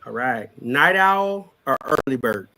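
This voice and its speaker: A man co-hosting a casual podcast chat, joking around and dropping quick asides. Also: mid-range voice, very animated, pushed and bright. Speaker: co-host.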